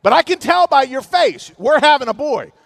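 A man's voice: very high voice, lively intonation, normal speed, vocal fry, no echo, pitched above the performer's own voice, heavily acted. A man doing his stubborn pregnant young wife. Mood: playful.

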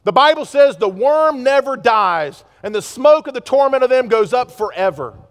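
A pastor preaching a sermon to his congregation, with pleas that swing from loud urgency to hushed earnestness. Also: extremely high pitch, animated, moderate pace, in a large hall. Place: church sanctuary.

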